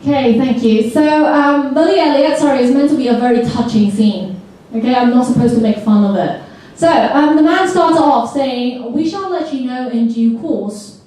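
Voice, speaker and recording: High-voiced woman teaching in an echoey hall. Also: normal speed, distant mic. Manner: lively, asks the audience questions, mimics accents. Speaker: teacher leading a seminar for teachers. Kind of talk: interactive teaching talk.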